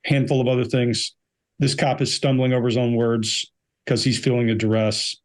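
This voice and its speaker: A man's voice: medium pitch, fairly even intonation, moderate pace. A middle-aged man on a body language panel, talking bluntly and emphatically, driving his points home by repeating them. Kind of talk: casual panel discussion.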